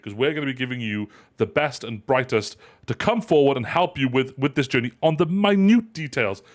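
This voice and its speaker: Casual male stream host, animated and playful, loose rambling delivery. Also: mid-range voice. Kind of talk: casual live stream chat.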